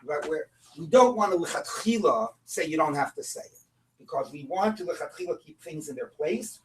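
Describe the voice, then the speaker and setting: A man teaching a Talmud class in a conversational, animated way, his voice pitched a little high. He talks from some distance from the mic, so the room is heard around him. He keeps tossing rhetorical questions at the class. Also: brisk, slight background noise. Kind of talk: lively classroom Talmud lesson.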